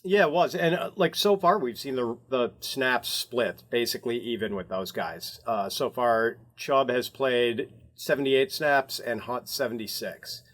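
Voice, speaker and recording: A man's voice: medium pitch, unhurried, few pauses, fairly bright tone. A man speaking as an analyst on a casual fantasy sports podcast, with dry humor.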